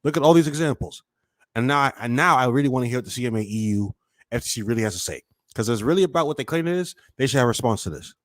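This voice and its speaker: A man's voice: medium pitch, animated, rapid-fire, fairly bright tone, no echo. A man on a casual podcast panel, speaking heatedly and with indignation. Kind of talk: casual chat.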